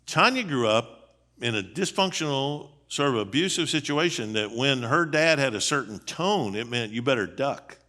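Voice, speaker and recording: Man, middle-aged, conversational sermon, folksy, emphatic, rhetorical questions, bright forceful voice. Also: medium pitch, animated, normal speed. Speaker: seminary dean teaching on marriage. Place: church.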